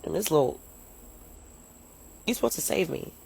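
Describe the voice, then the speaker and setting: A woman's voice: deep voice, very animated, normal speed, creaky, a little mellow, slightly rough, rough recording. A young woman from the United States, a comedian, telling a rambling story on a livestream from her phone at home, swearing freely and breaking off to chat with viewers. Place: at home, partly outdoors. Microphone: phone at arm's length.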